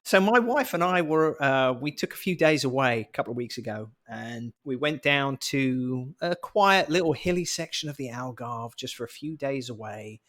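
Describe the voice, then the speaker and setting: A man's voice: mid-range voice, lively intonation, normal speed, hardly any pauses, a bit bright. Guy on a podcast, casual and jokey, just rambling through a story. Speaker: podcast co-host.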